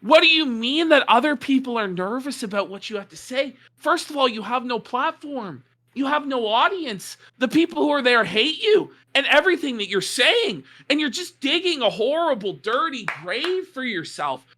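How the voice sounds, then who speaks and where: A woman's voice: sits high, sing-song, moderate pace, hardly any pauses, bright, forceful tone. A woman co-hosting a livestream, talking in a mocking, scornful and emphatic way. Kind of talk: heated commentary on a livestream.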